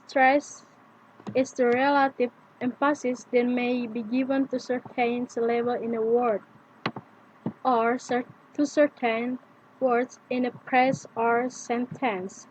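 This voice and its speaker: Slow, careful young woman, high voice. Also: level tone. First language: Indonesian. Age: young adult. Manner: slow and deliberate, repeats example words. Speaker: student presenting pronunciation lesson. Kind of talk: reading prepared lesson aloud. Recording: dull lo-fi with faint noise.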